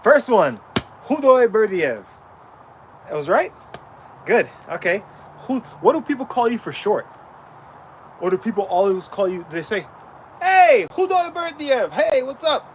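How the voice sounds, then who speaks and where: A man's voice: high-pitched, big pitch swings, a little slow, long pauses, a little hiss or hum. A man livestreaming while training, chatting casually with viewers and stumbling over names as he asks questions.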